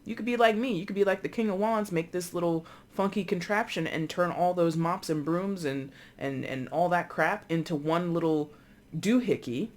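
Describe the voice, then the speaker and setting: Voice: mid-range voice, moderate pace, close to an everyday voice. A tarot reader voicing a carefree husband who brushes off his wife's stress. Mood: dismissive. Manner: dismissive, breezy, carefree.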